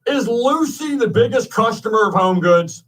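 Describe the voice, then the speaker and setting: Lively-pitched man in his fifties hosting radio. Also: normal speed, far from the mic, poor audio. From Atlanta. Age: 50s. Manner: enthusiastic, repetitive praise. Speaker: radio host. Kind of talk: radio interview chat.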